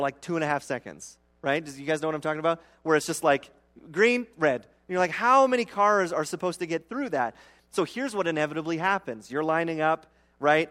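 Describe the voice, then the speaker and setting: Man, pastor, sermon, slightly high voice, conversational, animated, rhetorical asides. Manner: animated, acting out other people's complaints.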